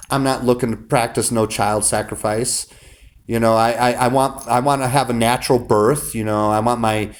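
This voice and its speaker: A man delivering a casual, rambling monologue to his viewers, cursing freely and restarting his sentences often. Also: mid-range voice. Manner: rambling, profane, many restarts. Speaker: vlogger.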